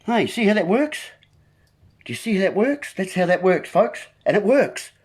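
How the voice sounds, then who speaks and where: Husky New man punning. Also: sits high, big pitch swings, normal speed, darkish tone. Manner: playful wordplay, addresses listeners as folks. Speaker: host. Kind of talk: rambling monologue.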